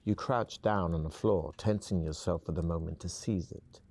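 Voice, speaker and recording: A man narrating a fantasy adventure game in the second person, calm and even. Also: low-pitched, normal speed, gravelly.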